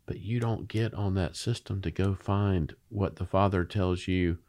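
Lower-voiced man hosting a faith chat. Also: steady tone, unhurried, darkish tone. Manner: playful questioner who turns to preaching. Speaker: host. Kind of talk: casual faith conversation.

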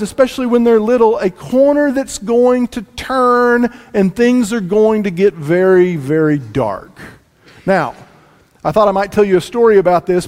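A man preaching a sermon as pastor, telling a family story with lively shifts between loud lines and quiet asides. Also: high-pitched. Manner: animated, swings from loud to hushed asides. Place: church sanctuary. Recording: long reverb in a large room.

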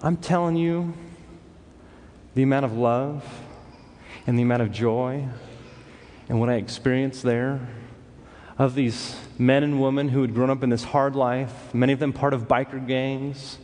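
A man's voice: mid-range voice, a little slow, pauses often. A man from Los Angeles telling a story in a sermon, acting out the voices of the people in it. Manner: animated storyteller who acts out quoted voices. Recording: long hall reverb.

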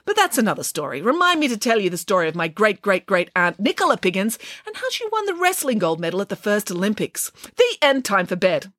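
A woman's voice: medium pitch, sing-song, fairly quick, hardly any pauses, a bit bright, no echo, clean studio sound. A woman voicing a flamboyant, self-assured female pig nanny in a storybook reading, speaking in a breezy, matter-of-fact way.

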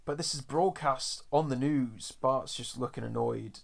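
Young man, podcast host, casual rambling chat, gravelly fry. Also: medium pitch, unhurried. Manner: rambling, filler-heavy, playfully acts out quotes. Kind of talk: casual chat reviewing a cartoon episode.

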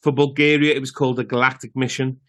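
Podcast co-host, male, middle pitch, rambling casual storyteller. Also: level tone, fast, fairly bright tone. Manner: rambling storyteller, many fillers. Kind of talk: casual chat.

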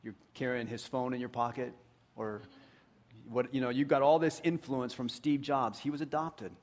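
This pastor preaches in a typical mid-range male voice, steady and at a moderate pace. Earnest throughout, he presses his points by dropping almost to a murmur.

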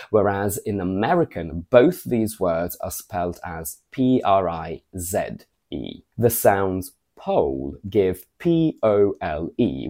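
A man's voice: lowish voice, mellow. A man teaching English pronunciation in a video lesson, spelling words out letter by letter and carefully modeling phrases.

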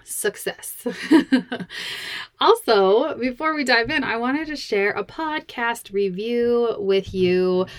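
A woman hosts her podcast in an easy, chatty way, bubbly and quick to laugh. She speaks slowly and unhurriedly. A slight breathlessness runs under her words. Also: mid-range voice. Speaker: podcast host. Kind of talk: casual podcast talk.

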